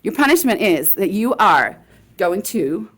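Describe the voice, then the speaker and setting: A woman's voice: mid-range voice, very animated, measured pace, a bit bright. A woman improvising a comedy sketch, bossily scolding and lecturing with frequent laughs. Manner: bossy, scolding, laughs a lot.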